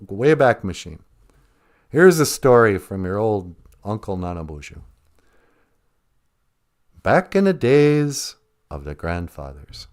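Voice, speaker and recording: A man hosting a playful podcast, rambling and joking as he tells stories to kids. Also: low-pitched. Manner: rambling, jokey, drawn-out storytelling. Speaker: podcast host and cartoonist. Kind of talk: playful casual podcast chat.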